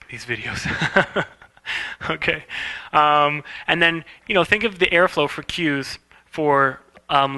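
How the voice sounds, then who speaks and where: A man's voice: on the high side, bright, forceful tone. A man giving a casual, playful animation lecture, demonstrating words aloud as he teaches. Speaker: animation instructor. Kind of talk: recorded lecture.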